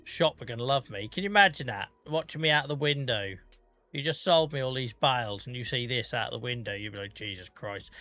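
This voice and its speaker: Chatty Norfolk man, bright voice. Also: medium pitch. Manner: chatty, self-deprecating, mutters to himself. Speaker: streamer. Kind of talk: casual gameplay commentary. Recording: faint music in the background.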